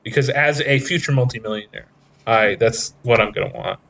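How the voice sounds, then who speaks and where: A man's voice: medium pitch, a little fast, gravelly, fairly bright tone. A man hosting a podcast, rambling in casual chat with lots of fillers and jokes. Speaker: podcast host.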